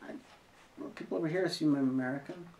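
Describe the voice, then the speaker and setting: A woman co-host with a hard-to-place English accent, explaining things in a measured, lecturing way. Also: deep voice, warm tone, roomy sound, slight background noise. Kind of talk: casual chat.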